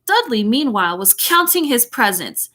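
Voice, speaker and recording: A woman's voice: a little high, sing-song, normal speed, pushed and bright. A woman teacher reading a chapter book aloud, breaking off for chatty, giggly asides.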